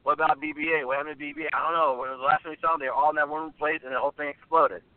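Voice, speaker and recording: Excitable man on a tinny line. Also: a little high, very fast, no echo. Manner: excitable, rambling, searches for words. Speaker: podcast co-host. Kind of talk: casual chat. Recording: tinny phone-like sound.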